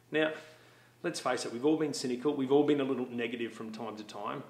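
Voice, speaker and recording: A man's voice: mid-range voice, brisk, a little mellow. A middle-aged man, talking to students about attitude and telling stories. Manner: storytelling, acts out voices. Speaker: motivational speaker for schools. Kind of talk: talk to students. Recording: echoey room.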